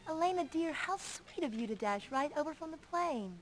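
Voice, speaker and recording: A woman's voice: high-pitched, lively intonation, normal speed, soft background music. An actress voicing a catty, wealthy teenage girl in a game, with a sweetly sarcastic delivery. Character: catty rich teenage girl, socially sharp.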